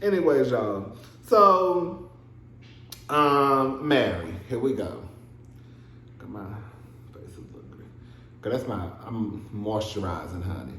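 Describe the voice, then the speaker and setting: Animated man recapping reality TV. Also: medium pitch, takes it slowly, pauses often, a little hiss or hum. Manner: animated, laughing, acts out scenes in exaggerated voices. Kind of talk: casual recap commentary. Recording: echoey room.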